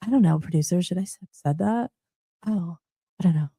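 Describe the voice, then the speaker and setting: A woman's voice: lowish voice, fairly quick, mellow, slightly rough, dry recording. Chatty woman podcast host, dry sound. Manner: rambling, chatty, self-interrupting. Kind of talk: casual live-show chat.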